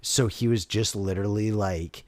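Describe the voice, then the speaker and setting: A man's voice: on the low side, fairly even intonation, normal speed, darkish tone, no echo. A young man with a rambling storytelling manner, chatting on a casual podcast. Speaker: podcast co-host.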